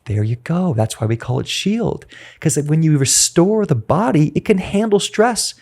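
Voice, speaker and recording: Gravelly-voiced man telling animated stories. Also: on the high side, moderate pace. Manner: animated storytelling, acts out dialogue. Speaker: nutritionist guest. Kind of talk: podcast interview.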